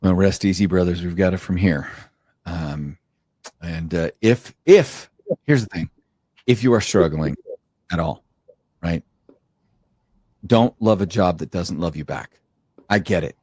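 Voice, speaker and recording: A man's voice: sits low, lively intonation, measured pace, long pauses, a little mellow, breathy edge, no room sound, studio quality. A man co-hosting a podcast in casual chat, blunt and swearing freely. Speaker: podcast co-host.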